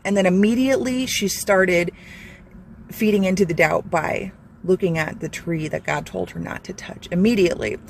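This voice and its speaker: A woman's voice: lowish voice, normal speed, gravelly, a little hiss or hum. A woman hosting a Christian channel, giving an earnest, rambling devotional talk full of fillers and restarts. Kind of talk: informal devotional talk to camera.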